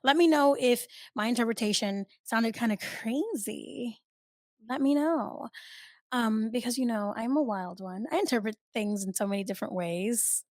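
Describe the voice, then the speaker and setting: A woman hosting her own podcast, talking in a candid, chatty way that swings between loud and soft and swears freely. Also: fairly high pitch, moderate pace, dry recording, clean studio sound. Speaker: podcast host. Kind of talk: casual solo podcast chat.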